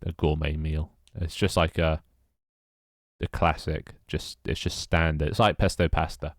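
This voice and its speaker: Low-voiced young British man, rambling. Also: level tone, unhurried, dry recording, studio quality. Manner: rambling, wry, self-mocking. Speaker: game developer streamer. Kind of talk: casual live-stream chat while working.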